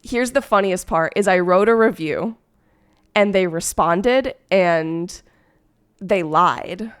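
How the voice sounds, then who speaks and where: A woman's voice: fairly low pitch, takes it slowly, smooth. A woman streamer who is sick, telling a story in a rambling, exasperated way with lots of fillers. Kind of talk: casual storytime chat.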